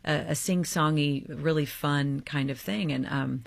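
Low, husky, chatty American woman. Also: measured pace, dry recording. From Oklahoma, US. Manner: animated, laughing, chatty with fillers. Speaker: stage actress, guest. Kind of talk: casual interview chat.

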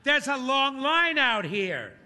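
A man voicing an impatient young man calling from outside, shouting and stammering. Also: extremely high pitch, sing-song, slow pace, voice pushed up, heavily acted.

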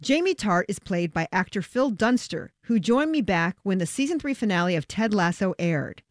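A woman's voice: mid-range voice, expressive, moderate pace, no room sound. A woman hosting a radio interview in a studio, upbeat and conversational. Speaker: radio host.

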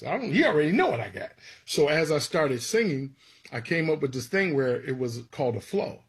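Breathy and mid-range, this male voice belongs to a gospel songwriter sharing life stories in an interview. He's an animated storyteller who acts out whoever he's quoting.

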